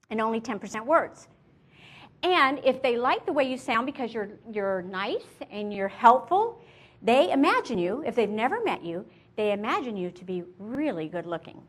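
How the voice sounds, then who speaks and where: A middle-aged woman, an image consultant, giving a lively motivational presentation and addressing her audience directly with stories. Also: a little high.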